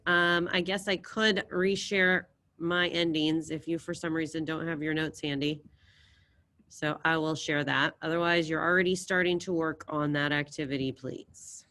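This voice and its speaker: Over a video call, a woman teaching Spanish drills verb endings out loud and cheers her students on. Her voice sits lowish and carries a slight brightness.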